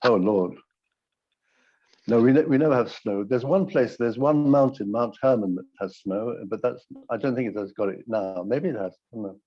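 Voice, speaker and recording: Older man from britain, guest, rambling and wry, husky voice, dull call line. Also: medium pitch, moderate pace. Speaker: guest, former mime. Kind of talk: casual interview over a call. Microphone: video call.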